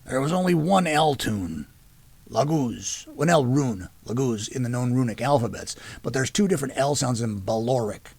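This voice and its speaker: A man's voice: mid-range voice, animated, normal speed, vocal fry, darkish tone, slightly rough. A man playing a patient soldier brother tutoring. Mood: patient, teaching. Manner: patient, explanatory.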